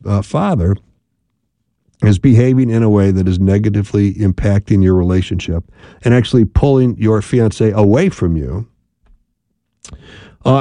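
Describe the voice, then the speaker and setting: A man hosting a call-in radio advice show as a marriage therapist, speaking in a calm, measured way and often checking in with "right?". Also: mid-range voice, dry recording.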